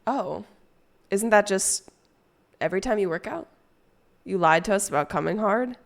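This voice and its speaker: A woman's voice: medium pitch, expressive, normal speed, gravelly. A young adult woman streaming live, chatting casually with viewers in a rambling, crude and playful way as she reads chat aloud.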